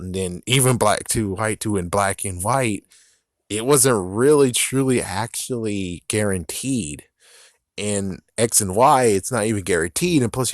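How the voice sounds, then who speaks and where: A man's voice: lowish voice, no room sound, studio quality. A man giving a ranting commentary on games, exasperated and profane, repeating himself as he vents. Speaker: gaming vlogger.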